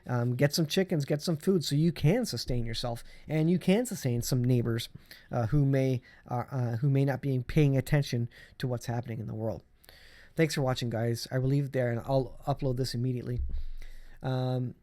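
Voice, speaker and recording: A middle-aged man with a mid-range, darkish voice hosts his own channel, a casual religious commentary vlog. He talks earnestly about faith and the end times, using many fillers and restarts.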